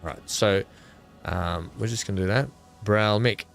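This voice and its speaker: A man's voice: fairly low pitch, normal speed, creaky, faint music behind. A man streaming a park-building game, chatting casually with viewers, thinking aloud with lots of fillers and poking fun at himself. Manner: rambling, self-mocking, thinks aloud with many fillers.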